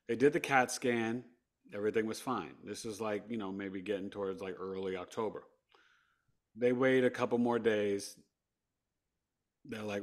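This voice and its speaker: A man from New York, a podcast guest, telling a personal story with big swings between hushed and loud delivery. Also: on the low side, normal speed, long pauses.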